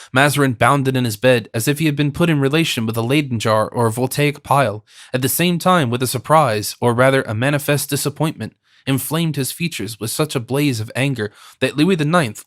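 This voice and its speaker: A male narrator reads a classic novel in a measured, formal storytelling style. His voice sits at an ordinary middle pitch. He is recorded close and dry, with no room echo. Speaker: audiobook narrator. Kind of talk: scripted narration.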